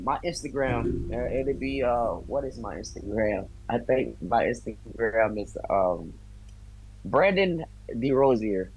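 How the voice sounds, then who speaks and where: A man's voice: mid-range voice, darkish tone, husky, low-quality recording. A man, a bare-knuckle fighter from the US, chatting as a guest on a video call, friendly and talkative, with loose slang. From United States. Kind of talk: casual interview chat.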